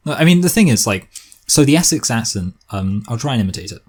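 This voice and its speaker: A young man with a posh English accent talks through his opinions in a monologue. He speaks at a middle pitch, rambling, arguing and correcting himself as he goes. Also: very animated, a little fast, husky. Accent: posh southern English. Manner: rambling, self-correcting, argumentative.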